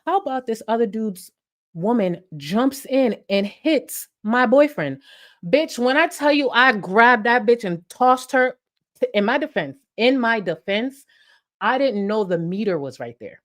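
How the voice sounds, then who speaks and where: Speaking at a measured pace in a fairly high pitch, this commentary channel host, a young woman, recounts an animated, profane story. The chat is casual and veers from loud to hushed.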